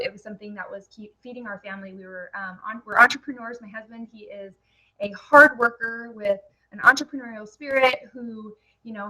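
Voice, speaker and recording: A woman's voice: a little high, sharp tone, low-quality recording. A young woman with a headset microphone, giving a live, chatty webinar presentation with many fillers. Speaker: network marketing presenter.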